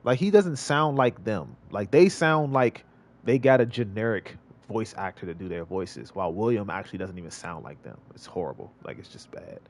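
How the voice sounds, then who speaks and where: A man's voice: fairly low pitch, expressive, moderate pace. A male streamer giving casual gameplay commentary, rambling and repeating himself with many restarts. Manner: rambling, repetitive, lots of restarts.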